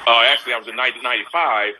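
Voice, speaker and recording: A man's voice: mid-range voice, very fast, a little hiss or hum, rough recording. A middle-aged man chatting as a guest on a live video call, telling stories with laughter. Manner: animated, laughing storyteller. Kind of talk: casual chat.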